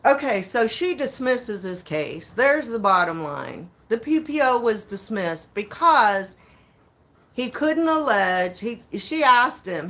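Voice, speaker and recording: A woman's voice: on the high side, takes it slowly. Indignant woman recounting a court fight. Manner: animated, indignant, swears, acts out quoted exchanges. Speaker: vlogger recounting her court case. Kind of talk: casual storytelling to viewers.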